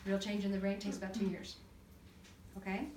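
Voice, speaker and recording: A woman counselor talking to a church group, telling stories in an animated way, acting out voices and laughing often. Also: mid-range voice, brisk, slight background noise. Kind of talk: church talk to a live group. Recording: echoey room recorded from far off.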